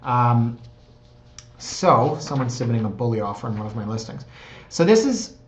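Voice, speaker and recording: A man's voice: medium pitch, very animated, moderate pace, roomy sound, slight background noise. A man in his thirties, a real estate agent, talking casually and digressively in a vlog from his office. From Canada. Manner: chatty, digressive, self-deprecating.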